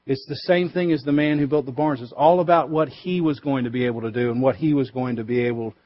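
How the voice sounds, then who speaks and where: A male pastor preaching a sermon, emphatic, pushing his voice up for stress and dropping low and quiet to drive points home. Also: fast talker, highs cut off. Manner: emphatic, rises and drops for stress.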